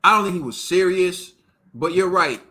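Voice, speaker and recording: A man from the United States hosts a boxing podcast, chatting casually and teasingly in slang, tossing out "yo" and "bro." His voice is high-pitched and expressive with a sharp tone, at a normal speed.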